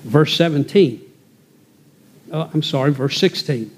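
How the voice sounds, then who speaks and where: A man with a slightly high, somewhat mellow voice and a slightly slow pace teaches a Bible passage verse by verse. He speaks conversationally, explaining each verse in plain terms and often filling gaps with "uh."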